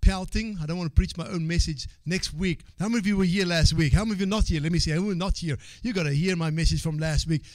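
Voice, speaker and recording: A man preaching with a high, lifting voice, calling out for amens and repeating his key phrases. He drops to quiet asides, then climbs into shouted exhortation. The sound is dry and close. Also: fast, hardly any pauses, no echo. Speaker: pastor. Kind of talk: sermon.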